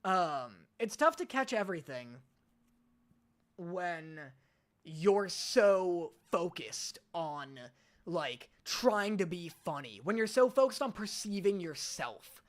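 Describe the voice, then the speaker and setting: Man, streamer, talks in loose rambling chat with a lively, bouncy pitch. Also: takes it slowly. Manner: rambling, self-deprecating, restarts often. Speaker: reaction streamer.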